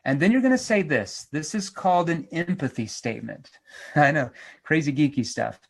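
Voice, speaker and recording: A man teaching a sales seminar, energetic and emphatic, breaking into role-play examples. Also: on the high side, measured pace. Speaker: sales trainer.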